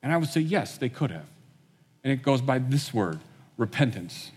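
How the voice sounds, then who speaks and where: Man, pastor, conversational sermon, storytelling, mid-pitched voice, long hall reverb. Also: very animated, normal speed, darkish tone, husky. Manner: conversational storytelling, acting out quotes.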